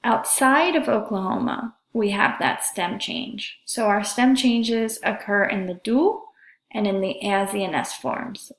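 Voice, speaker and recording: Female teacher, patient lesson delivery, stretches out example words, slight fry in the voice. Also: medium pitch. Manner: slow, careful, drawn-out pronunciation of examples. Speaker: German teacher. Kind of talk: classroom grammar lesson. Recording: echoey room.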